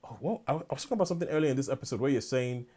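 Guy chatting on a podcast, mid-pitched voice, keeps restarting and going off on tangents. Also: racing, mellow. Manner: rambling, with many restarts and asides. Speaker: podcast co-host. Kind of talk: casual chat.

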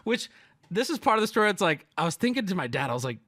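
A man's voice: sits high, quick pace. A man telling a family story on his stream in a casual, profane, joking way. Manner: animated, profane, jokey.

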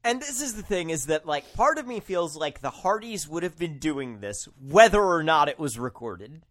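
A man's voice: on the high side, sing-song, moderate pace, a bit bright. A man co-hosting a casual podcast chat, easygoing and hedging, often laughing. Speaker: podcast co-host.

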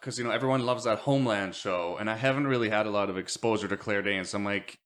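A man's voice: fairly low pitch, fast talker, fairly bright tone. A man co-hosting a podcast, giving opinionated, rambling takes on a film with lots of filler words. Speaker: podcast co-host. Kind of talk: casual movie-discussion chat.

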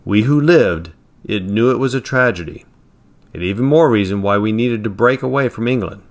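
A man voices a composed, self-assured graying gentleman who speaks with calm, measured firmness. He sounds like a steady figure in a storybook, lowered a little from the reader's own voice. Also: natural voice. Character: calm, confident graying gentleman, a time guardian.

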